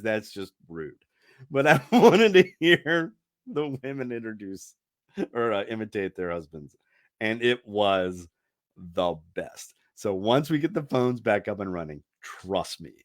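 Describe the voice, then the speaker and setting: A middle-aged radio host chats and rambles through a casual podcast he hosts, laughing often and restarting his sentences. His voice is medium-pitched and sing-song, at a moderate pace.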